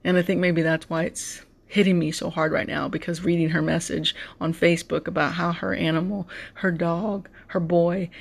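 On a podcast mic, a host delivers a heartfelt, emotional solo monologue about personal matters. His gravelly voice sits at a middle pitch with vocal fry, and he often repeats and restarts words.

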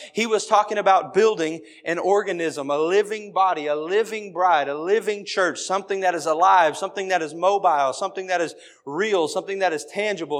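High-voiced preacher with emphatic cadence. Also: male voice, fairly bright tone. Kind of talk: sermon.

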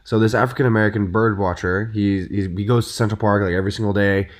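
Man, laid-back podcast storyteller, lowish voice, animated, filler-heavy. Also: fast talker. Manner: animated storyteller, many fillers like "you know" and "dude". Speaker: podcast co-host. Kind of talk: casual podcast discussion.

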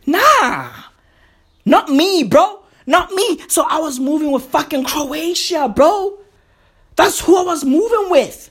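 Her voice sitting high, a woman launches into a comic rant full of heavy swearing, emphatic repetition, and repeated calls of "bro" to the listener.

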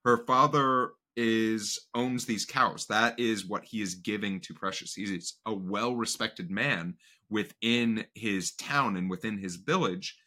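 A man hosting a podcast talks in quick, animated bursts, leaning on fillers and restarts. His voice sits on the low side, with a bright, forceful edge. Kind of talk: casual podcast discussion.

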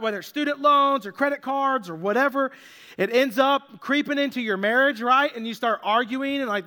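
A man delivering a sermon in a relaxed, conversational way, poking fun at himself and slowing down for emphasis. His voice is unusually high, bright and smooth. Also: in a large hall. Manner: conversational, self-deprecating, slows for emphasis. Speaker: pastor.

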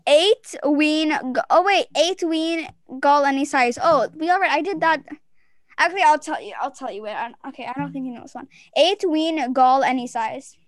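A woman hosting a casual podcast over a Zoom call, chatty and giggly, breaking into quick excited bursts. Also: high voice, dry recording, studio quality. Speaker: podcast host. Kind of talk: casual chat.

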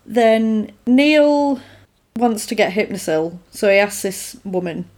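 An animated woman, retelling a film scene by scene in relaxed chat. She breaks into quick quoted lines for each character, her voice sitting at an ordinary middle pitch. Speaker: film podcast co-host. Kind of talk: casual chat recapping a film.

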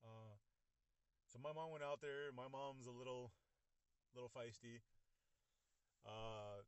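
A young man casually retelling a personal story. He talks in a halting way, repeats words and acts out what others said. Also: medium pitch, no room sound.

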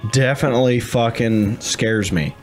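A man's voice: mid-range voice, measured pace, faint music behind. A man telling a crude workplace story in casual chat, rambling with many fillers and laughing as he talks.

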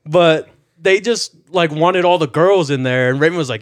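A young man with a slightly high voice tells a story in casual podcast chat. He acts out his friends' lines in an animated way. The sound is dry and close, with no room echo. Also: moderate pace. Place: podcast studio.

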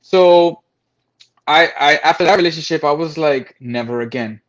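Candid man, slightly high voice. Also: fairly even intonation, moderate pace, dull audio. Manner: frank, profane, acts out quoted voices. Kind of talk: candid personal storytelling.

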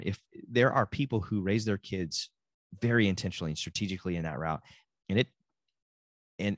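Man, Texan accent, middle-aged, deep voice, dry close sound, rambling casual podcast talk. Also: dry recording. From Texas. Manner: rambling, self-interrupting storyteller. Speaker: podcast host and dad.

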